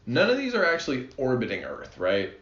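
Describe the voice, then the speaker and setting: A man's voice: medium pitch, huge pitch swings, a little fast, fairly bright tone. A man co-hosting a podcast, chatting casually and laughing often as he explains history. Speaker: podcast co-host. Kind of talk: casual chat. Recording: roomy, dull lo-fi recording.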